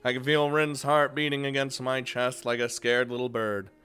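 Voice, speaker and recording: A man reading a visual novel aloud as a let's play host, animated and often chuckling. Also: medium pitch, moderate pace, clean tone, faint music behind.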